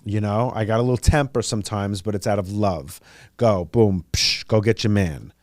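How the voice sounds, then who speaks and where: A man's voice: on the low side, normal speed, a little mellow, no room sound, studio quality, close to an everyday voice. A man doing a blustering sea king dad. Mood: gruff. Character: hot-tempered but loving sea king father.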